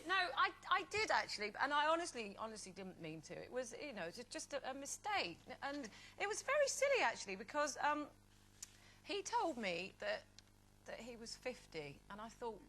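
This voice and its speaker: A woman panelist on a chat show, telling an anecdote in a giggly, lively way. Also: fairly high pitch, normal speed, slight background noise. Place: TV studio.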